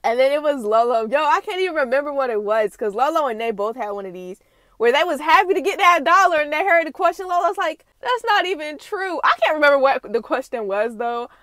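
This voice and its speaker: A woman's voice: high-pitched, lively intonation, fast, a bit bright, no echo. A young woman hosting a casual reaction recap, chatty and slangy, laughing often. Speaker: reaction channel host.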